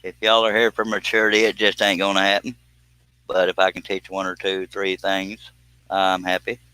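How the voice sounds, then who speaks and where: A low-pitched man with a drawl chats to viewers of his woodworking live stream. He is folksy and self-mocking, and his voice has a bright, forward edge. The dry, close sound suggests a mic right in front of him in a home workshop. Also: completely flat delivery, normal speed, clean tone, no room sound. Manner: folksy, joking, reads viewer comments aloud. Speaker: woodworking livestream host. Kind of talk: casual live stream chat.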